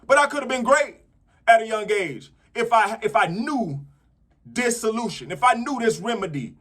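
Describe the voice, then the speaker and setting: A man with a high-pitched voice gives a casual motivational talk to camera. He talks conversationally and keeps checking in with his listeners, asking if they get what he is saying. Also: lively intonation, moderate pace, a bit bright. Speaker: motivational vlogger.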